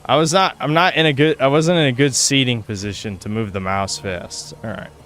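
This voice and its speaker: A man's voice: mid-range voice, a little fast, a bit bright. Frustrated young man swearing at a game. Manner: frustrated, swearing, talking to himself. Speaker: streamer. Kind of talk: live gameplay commentary.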